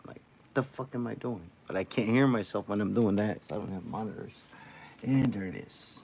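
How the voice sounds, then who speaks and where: A man's voice: fairly low pitch, normal speed, creaky, a little mellow, a little hiss or hum. A man livestreaming, chatting casually to viewers in a loose, rambling way with lots of repeated phrases.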